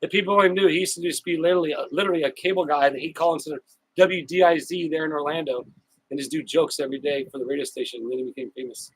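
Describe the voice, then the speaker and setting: A man hosting a casual outdoor live stream, greeting viewers by name in a chatty, upbeat way with drawn-out shout-outs. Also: on the high side, steady tone, slightly rough, no echo, rough recording. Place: outdoors on a hot day with a fan.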